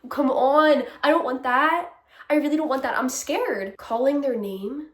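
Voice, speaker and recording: A woman's voice: high-pitched, unhurried, recorded from a distance. A young woman ranting candidly in a casual vlog, exasperated and swearing freely, often breaking into laughs. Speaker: vlogger. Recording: echoey room.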